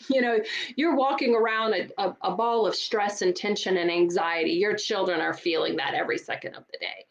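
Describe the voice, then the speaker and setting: Speaking a little fast with vocal fry, a middle-aged woman divorce coach delivers a motivational talk at mid-range pitch. She's earnest and emphatic, repeating words for emphasis, and the audio is dull.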